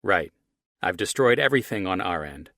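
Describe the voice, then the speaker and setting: A man's voice: low-pitched, expressive, moderate pace, pushed and bright, no echo, clean studio sound, exaggerated voice. A man voicing a scheming male character who talks on the phone in a clipped, businesslike way. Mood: tense.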